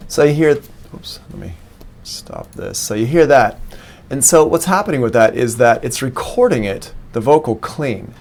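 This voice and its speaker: A man's voice: mid-range voice, animated, moderate pace, vocal fry, darkish tone. A man giving a live-streamed music production lesson, explaining steps on screen one by one into a studio microphone. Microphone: studio microphone plugged into an interface.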